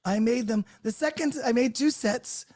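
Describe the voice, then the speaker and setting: Woman host, soft mellow tone, slightly high, effusive and laughing, chatting live from her home. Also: normal speed. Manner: chatty and effusive, laughs often, restarts words. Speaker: host of a group call. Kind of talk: casual unscripted chat to a live group. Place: her own home, great room by a Christmas tree.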